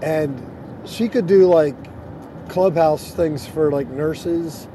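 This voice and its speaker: A middle-aged man, a pastor, chatting casually on earphones from inside a car, reading scripture slowly and then talking loosely with fillers. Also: a little high, dark tone. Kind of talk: casual chat on a social audio app. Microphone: earphones with mic. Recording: clear car and road noise.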